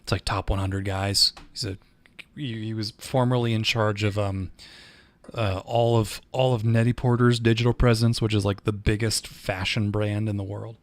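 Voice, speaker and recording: A man casually streaming a 3D software tutorial, rambling and swearing freely as he chats with viewers. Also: fairly low pitch, level tone, moderate pace. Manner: profane, rambling, easily frustrated. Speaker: streamer and 3D artist.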